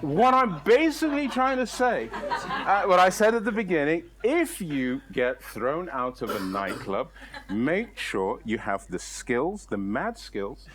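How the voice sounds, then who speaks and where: A man tells a comic personal story to a live audience. His voice sits a little high for a man, and he delivers it in a playful, self-mocking and animated way. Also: a little slow.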